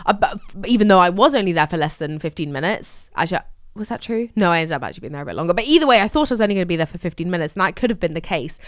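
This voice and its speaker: A woman's voice: lowish voice, lively intonation, racing, a bit bright, no echo, studio quality. An English woman hosting a solo diary podcast, chatting in rambling, sweary, self-mocking rants. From England. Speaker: podcast host.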